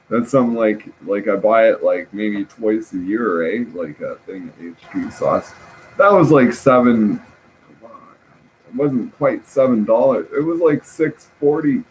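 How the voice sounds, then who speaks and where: A man's voice: on the low side, expressive, a little slow, a little hiss or hum, rough recording. A man rambling through a casual, profane, self-mocking story with lots of fillers and restarts. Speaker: vlogger.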